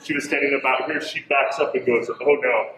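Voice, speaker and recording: A man's voice: mid-range voice, quick pace, reverberant, background noise. A man, a hotel manager, telling a ghost story in casual chat, acting out what people said and saying bro and dude. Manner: animated, acts out quotes, says bro and dude.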